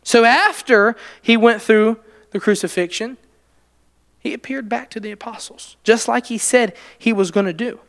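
Male preacher, high clear voice, earnest and emphatic, teaching a congregation. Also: normal speed, a bit bright. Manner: earnest, builds to emphatic rising delivery. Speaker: preacher leading a Bible study. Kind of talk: conversational sermon with congregation questions.

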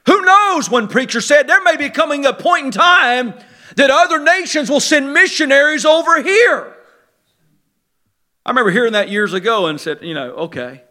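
A man preaching a sermon, animated, swinging between loud emphatic bursts and low quiet asides. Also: normal speed.

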